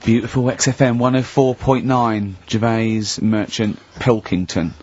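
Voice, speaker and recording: A man hosting a radio show, chatting casually, teasing his co-hosts and telling stories with animated energy. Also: mid-range voice, measured pace, lo-fi sound, faint music behind. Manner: joking, teasing, animated storytelling. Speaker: radio host. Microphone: studio microphone.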